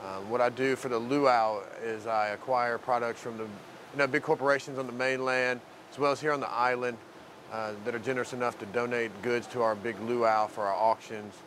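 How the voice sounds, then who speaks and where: A man's voice: medium pitch, fairly even intonation, a little fast, a bit bright, slight background noise. A man from the mainland talking loosely in an interview about his work with the program, rambling and leaning on filler phrases. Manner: loose, rambling, leans heavily on "you know". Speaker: program resident and volunteer. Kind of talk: casual interview talk.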